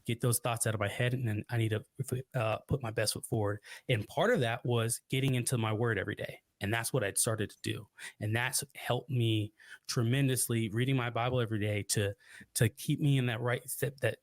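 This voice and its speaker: An earnest young man speaks as a podcast guest, reflective and halting, often starting a phrase again before finishing it. His voice sits at an ordinary pitch for a man. The room is dry with no echo. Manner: earnest, reflective, many restarts. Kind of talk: personal storytelling.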